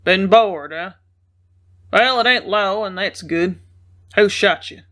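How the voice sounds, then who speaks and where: A woman reading aloud, voicing a gruff, hulking older male ranch boss with a booming manner. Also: takes it slowly, fairly bright tone.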